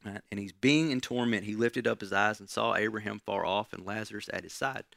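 Gravelly, bright-voiced preacher man. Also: lowish voice, a little fast, no echo, clean studio sound. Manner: conversational teaching, frequent "right?" asides. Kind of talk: sermon.

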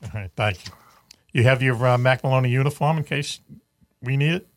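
A man's voice: mid-range voice, a little fast. A man hosting a radio talk show, joking and teasing his guests in casual banter over a remote link.

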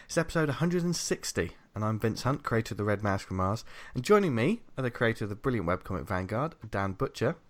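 Lively man hosting a podcast. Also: fairly low pitch, fast, hardly any pauses. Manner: animated, laughs often, teasing. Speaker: podcast host. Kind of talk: casual banter podcast.

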